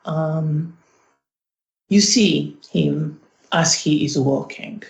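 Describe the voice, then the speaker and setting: Slow gravelly storyteller running a tabletop game, lots of ums, echoey dull audio. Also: mid-range voice, fairly even intonation. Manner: slow narration with frequent ums.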